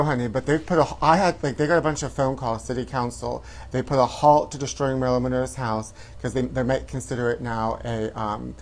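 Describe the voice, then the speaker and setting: Campy male host, flamboyant gossip delivery, says honey a lot. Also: medium pitch. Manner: flamboyant, calls viewers honey. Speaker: comedy show host.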